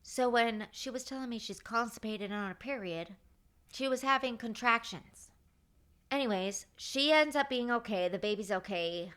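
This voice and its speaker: This podcast host, a woman in her thirties, has a voice on the high side and talks at a moderate pace. Her casual storytelling about work is chatty and full of fillers, with lively acted-out dialogue.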